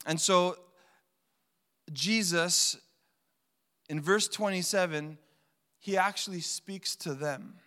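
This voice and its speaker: Male pastor, conversational sermon delivery with animated quotes, clear resonant voice, echoing church hall. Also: high voice, slow pace, pauses often. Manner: conversational preaching, animated quoting. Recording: long hall reverb.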